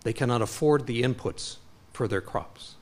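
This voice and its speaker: A middle-aged man from Canada giving an impassioned public lecture, with frequent restarts and animated delivery. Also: mid-range voice, normal speed. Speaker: guest speaker.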